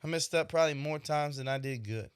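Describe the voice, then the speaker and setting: This young male podcast host, soon to be a father, talks fast in a smooth, higher-pitched voice. He thinks aloud in a relaxed, reflective way, frequently checking in with "right?", and the recording is dry and studio-clean.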